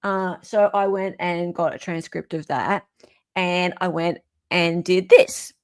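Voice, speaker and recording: An Australian woman hosting a casual chat about a court case. She talks at an unhurried pace, chatty and animated, with a dry, close-miked sound. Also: lowish voice, smooth, no echo. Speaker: host. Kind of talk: casual commentary.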